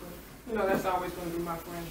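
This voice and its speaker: A defiant woman answers in a quick, flat voice with little rise and fall. She sounds far off in an echoey room. Noise hums under her words. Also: on the low side. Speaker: reality show cast member. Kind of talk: reunion interview.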